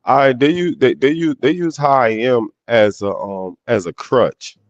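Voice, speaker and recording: A man's voice: medium pitch, unhurried, no room sound, highs cut off. A man in a casual podcast debate, talking in street slang and often repeating and restarting his phrases.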